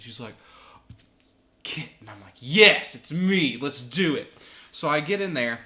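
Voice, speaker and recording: A man, a podcast guest, telling a casual anecdote with animated delivery, acting out voices and laughing often. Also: mid-range voice, moderate pace. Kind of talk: casual storytelling.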